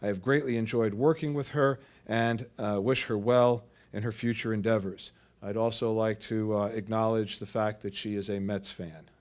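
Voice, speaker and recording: A man, a school official, reading formal tributes at a school board meeting, pausing often with hesitations. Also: on the low side, steady tone.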